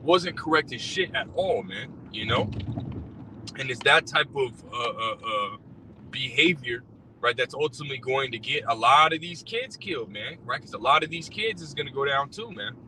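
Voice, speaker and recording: A man's voice: medium pitch, lively intonation, moderate pace, pushed and bright. A man who drives for a rideshare service, ranting bluntly and profanely about scripture, packed with fillers and repeats. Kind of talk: casual religious rant. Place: in a car. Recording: distant mic with faint car noise.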